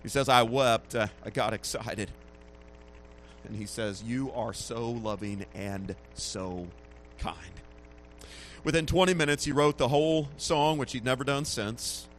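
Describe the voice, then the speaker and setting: A man's voice: mid-range voice, unhurried, a little hiss or hum. Man preaching, rising and dropping in volume. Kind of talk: sermon.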